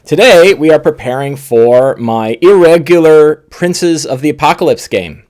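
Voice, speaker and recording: A man who is slightly losing his voice, casually talking through his game preparation as a streaming host, with lots of fillers and pauses. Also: a little high, expressive, darkish tone. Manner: rambling, with many fillers and pauses. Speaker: game master and channel host. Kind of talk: live-streamed game prep talk.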